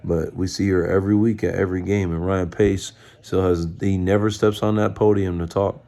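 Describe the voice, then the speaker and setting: Low-voiced man on a profane sports rant. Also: level tone, normal speed, mellow. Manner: profane, fired-up ranting; mocks others with put-on quotes. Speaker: sports fan commentator. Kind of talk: ranting fan commentary.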